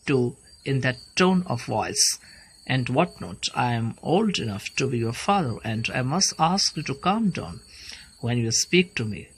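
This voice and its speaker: A man's voice: medium pitch, fairly bright tone, slight background noise, low-quality recording. A man reading a blustering old landowner. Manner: patronizing, blustering. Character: blustering older male landowner, condescending. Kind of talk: play read aloud.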